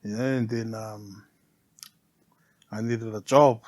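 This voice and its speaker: Laid-back New Zealand barber telling stories. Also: male voice, fairly low pitch, slow pace. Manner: relaxed, laughs often, ends phrases with "eh". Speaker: podcast guest, barber. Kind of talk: casual storytelling interview.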